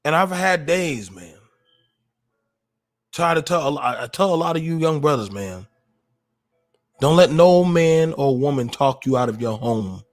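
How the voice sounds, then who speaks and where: A high-pitched man, speaking on a livestream. He lectures with deep emotion and a preacher's rhythm, pushing his voice up into shouts. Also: expressive, measured pace, pauses often, faint music behind. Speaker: podcast host. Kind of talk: impassioned livestream monologue.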